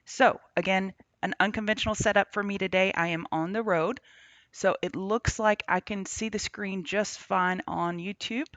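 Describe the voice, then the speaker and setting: A woman with a mid-range, slightly bright voice talks at normal speed with fairly even intonation, hosting a live trading show on the road from a remote setup. She greets viewers by name between chart talk in casual market commentary. The recording is dull, lo-fi, and dry, with no echo.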